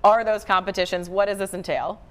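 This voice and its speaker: A woman co-anchors live morning news and puts questions to a guest. She speaks in a friendly, conversational manner at an ordinary pitch for a woman. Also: fairly even intonation, a little fast, fairly bright tone.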